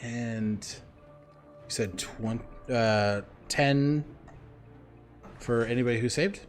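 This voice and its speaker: A man running a tabletop game as game master, easygoing and quick to laugh. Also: medium pitch, faint music behind. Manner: easygoing, laughs often, unhurried.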